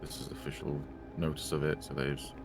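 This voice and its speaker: A man's voice: a bass voice, level tone, a little fast, over music. A man playing a blunt, matter-of-fact figure in a role-play game, swearing now and then.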